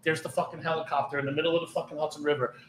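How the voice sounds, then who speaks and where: A man's voice: a little high, very fast, roomy sound, a little hiss or hum, low-quality recording. A middle-aged man, a former police officer, telling blunt, profane stories in casual podcast talk. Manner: blunt, heavy swearing, animated retelling. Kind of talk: casual storytelling.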